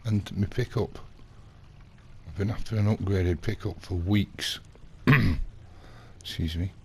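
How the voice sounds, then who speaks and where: A man's voice: deep voice, takes it slowly, slight background noise. A man, rambling through an indignant in-character story as a gaming vlogger. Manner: rambling, indignant anecdote telling with acted quotes. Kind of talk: casual in-character gameplay storytelling.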